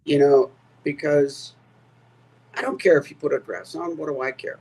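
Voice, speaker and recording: A man co-hosting a casual political chat, speaking haltingly with lots of fillers. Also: on the high side, steady tone, a little mellow, low-quality recording. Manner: halting, slow, full of fillers.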